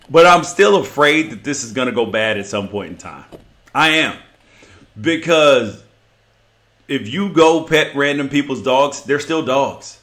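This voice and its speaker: A man hosting a podcast, talking in a casual, animated and exasperated way, sometimes mocking others in put-on voices. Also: mid-range voice, unhurried. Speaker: podcast host. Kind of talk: casual opinion monologue.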